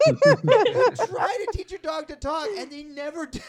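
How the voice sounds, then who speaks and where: A man's voice: very high-pitched, moderate pace, a loud crowd. A man hosting a live stand-up comedy show, rambling and self-deprecating, often laughing at his own jokes. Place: live comedy venue with audience.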